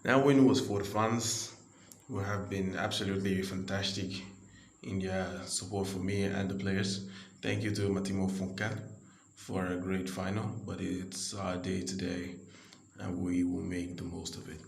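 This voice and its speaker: A man voicing a male football manager who gives a measured, formal post-match interview. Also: sits low, flat delivery, vocal fry. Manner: measured, formal press-conference delivery. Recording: roomy echo.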